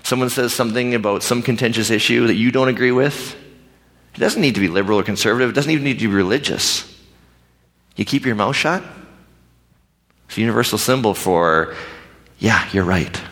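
A pastor telling a personal story in a conversational, animated way, acting out the other people's lines. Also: male voice, mid-range voice, brisk. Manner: animated, conversational, acts out dialogue. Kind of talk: storytelling sermon. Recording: reverberant hall.

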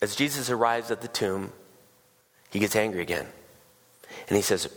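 A man preaching a sermon, retelling a story in a casual, animated way. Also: on the low side, brisk, pauses often, long reverb tail. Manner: casual storytelling, animated voices for quoted people. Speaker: pastor.

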